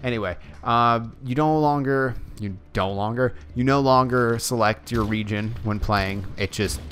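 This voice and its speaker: A young gaming YouTuber rambles chattily over gameplay, often correcting himself mid-thought. His medium-pitched voice is unhurried, fairly bright, and clean.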